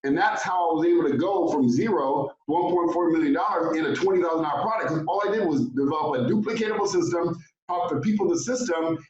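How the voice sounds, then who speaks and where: Male interview host, lively storyteller, slightly high voice; echoey room, distant muffled mic. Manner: animated storyteller, acts out quotes.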